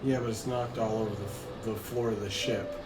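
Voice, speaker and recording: A man's voice: lowish voice, fairly even intonation, a little fast, roomy sound. A man playing in a tabletop game, asking blunt questions and bantering, with music in the background. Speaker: player.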